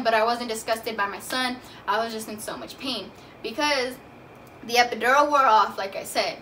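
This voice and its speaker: A young woman vlogger tells a personal story casually and loosely, chatty and full of fillers, especially "like." Her voice is a little high, pushed and bright, recorded from a distance with faint room noise.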